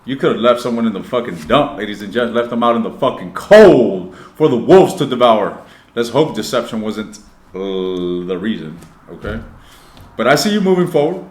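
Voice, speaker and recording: A man's voice: on the low side, moderate pace. A man giving a casual tarot reading to camera, blunt and profane, talking straight to his viewers and moving between joking asides and earnest advice. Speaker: tarot reader. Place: indoor room. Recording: roomy echoey room.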